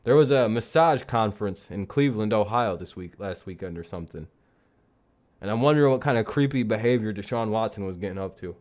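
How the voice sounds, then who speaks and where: A man's voice: on the low side, expressive, brisk, a little mellow. A man hosting a casual live football talk stream, rambling and joking with plenty of swearing. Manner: rambling, profane, laughing jokily. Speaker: streamer and host.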